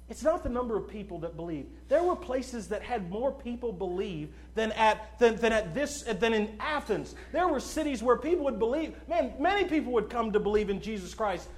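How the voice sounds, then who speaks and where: A male preacher delivering an evangelistic sermon at a church service. His voice sits very high and he preaches with emphatic fervor. He reads scripture and then drives each point home. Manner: emphatic, fervent, rising to shouts.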